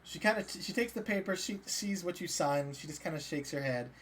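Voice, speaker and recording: A man's voice: a little high, fairly quick, fairly bright tone. A man running a tabletop game as dungeon master, narrating loosely with many fillers and restarts. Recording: faint background noise.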